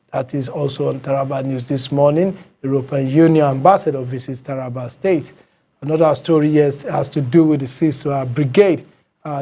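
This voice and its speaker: Man, morning show host, fairly high voice, hesitant, repeats himself. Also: warm tone. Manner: halting, many fillers, repeats headlines. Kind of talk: reading headlines and taking calls.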